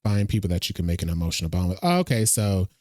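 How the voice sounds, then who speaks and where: A man's voice: deep voice, very animated, fast, a little mellow, faint music behind. A man casually reacting to a movie trailer, thinking aloud and talking to his viewers. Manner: chatty, thinks aloud, addresses viewers as y'all.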